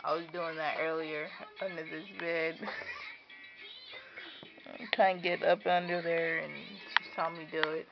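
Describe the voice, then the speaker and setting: A woman's voice: low-pitched, flat delivery, a little slow, gravelly, long pauses, music in the background. A mother chatting casually at home at night, coaxing her toddler in a sing-song voice. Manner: coaxing sing-song baby talk, laughing often. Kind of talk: casual home video chat. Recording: dull lo-fi home camera recording.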